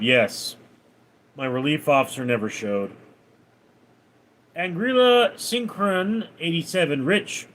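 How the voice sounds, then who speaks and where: Man, livestreamer, reads chat aloud, unhurried, lively up-and-down pitch, answers offhand. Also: a little hiss or hum. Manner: reads viewer names and comments aloud, then replies offhand. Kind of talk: reading out and answering live chat.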